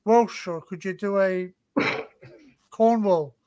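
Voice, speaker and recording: A man's voice: high voice, takes it slowly, dark tone, clear, resonant tone. A man hosting a casual live-stream chat, teasing his guests and laughing often. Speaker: host.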